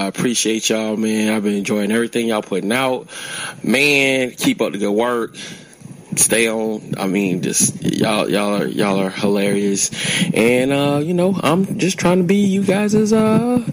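A man's voice: medium pitch, expressive, normal speed, low-quality recording. A young man calling in to tell a long story in a casual, rambling way, laughing at himself now and then. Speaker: caller leaving a voicemail.

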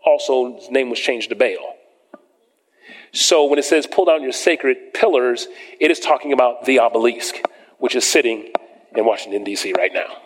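In a church sanctuary before his congregation, a man preaches a sermon, reading scripture slowly and emphatically and putting questions to the listeners. His voice is medium-pitched, and the recording carries long hall reverb.

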